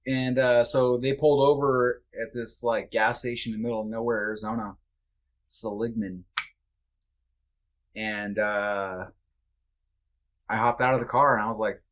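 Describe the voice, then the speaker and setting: A man's voice: mid-range voice, little pitch movement, a little slow, long pauses. A man guest on a podcast, candidly telling a personal story in a loose, conversational way, blunt and sometimes swearing. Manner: loose and conversational, with many fillers.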